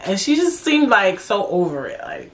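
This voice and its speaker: A woman's voice: medium pitch, normal speed. A young woman hosting a solo podcast, talking casually and bluntly, with a lot of swearing and slang. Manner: blunt, profane, animated, drawling slang. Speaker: podcast host.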